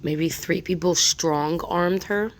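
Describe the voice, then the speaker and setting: A woman's voice: on the low side, slow pace, noisy background. A woman hosting a spirit box session, thinking aloud in a hesitant, musing way. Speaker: host.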